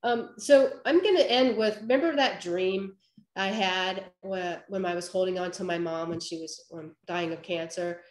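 A woman photographer giving a lively storytelling talk, acting out what people said to her. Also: medium pitch. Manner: animated storyteller, acts out quoted voices. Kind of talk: storytelling presentation. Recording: roomy echo.

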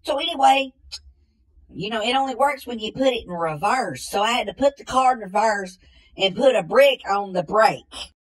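A woman's voice: fairly high pitch, animated, normal speed, poor audio. A woman doing a bumbling country man. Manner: drawling, repeats "ain't no way". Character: slow-witted country man who bumbles around. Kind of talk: comedy sketch.

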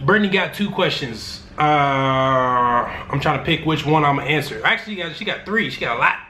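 A man's voice: a little high, animated, moderate pace, sharp tone, slight background noise. A young man answering fan questions in a casual vlog, joking and rambling in loose, slangy talk. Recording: roomy room with faint ambience.

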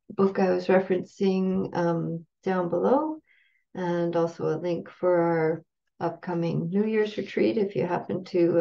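A woman leading a guided meditation, taking her time over every phrase. Her voice sits a little low and sounds warm and relaxed. The recording has a dull, lo-fi sound. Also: vocal fry. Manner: slow, calm, leading a recitation. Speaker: meditation teacher.

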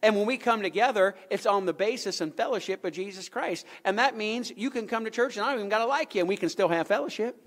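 A man preaches a sermon from the pulpit, his voice sitting unusually high for a man. He drives his points home with emphatic repetition and rhetorical questions. His words ring out with a long echo through the church sanctuary. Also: quick pace, hardly any pauses, fairly bright tone. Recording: echoey church hall.

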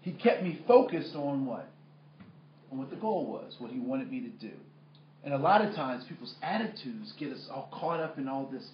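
A man's voice: mid-range voice, sing-song, normal speed, slight background noise. A man leading a workplace training workshop in a conversational way with many fillers, asking the room questions. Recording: echoey room, muffled sound.

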